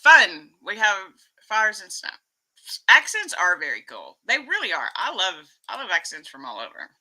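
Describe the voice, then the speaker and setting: A woman with a Texas Southern accent, chatting casually on a live stream, giggly and quick to laugh as she reads out viewer comments. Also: medium pitch, huge pitch swings, pushed and bright, low-quality recording. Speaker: vlogger reading live chat.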